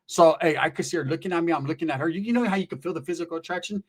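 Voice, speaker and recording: A man's voice: fairly high pitch, very fast. A man telling a story in casual, profane street slang, constantly checking in with "right?".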